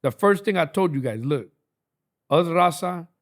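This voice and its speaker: A man's voice: on the high side, lively intonation, normal speed. A man from Los Angeles, a record label founder, talking as a guest in a casual podcast chat with slangy, emphatic street talk and lots of swearing.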